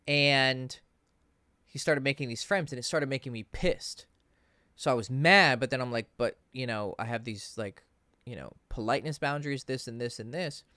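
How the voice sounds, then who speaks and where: A man's voice: mid-range voice, moderate pace, no room sound. A man coaching on dating, telling a story in a casual, profane livestream Q&A and acting out the people he quotes. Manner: casual, profane, animated when quoting others.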